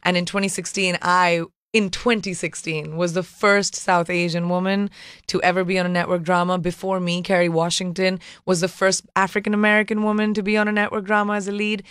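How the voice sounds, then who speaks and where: A woman's voice: on the low side, flat delivery, a little fast, a bit bright, smooth, no room sound, studio quality. A woman in her thirties with a modern Indian English accent, a guest on a radio interview, speaking earnestly and with emphasis.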